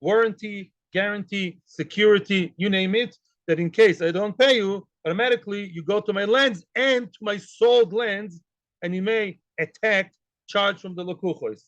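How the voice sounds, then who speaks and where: A man teaching a daily Talmud class in an animated way, quizzing students and acting out the people in the case. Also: sits high, moderate pace, no echo. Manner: animated, acts out quoted voices, mixes Hebrew and Aramaic terms; asks students questions. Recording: dull, lo-fi recording.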